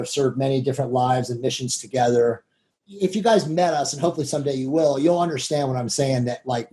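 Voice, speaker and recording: Male entrepreneur guest; mellow, relaxed delivery; rambling and self-reflective. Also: medium pitch, poor audio. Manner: rambling, heavy with "you know" fillers. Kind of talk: casual interview storytelling.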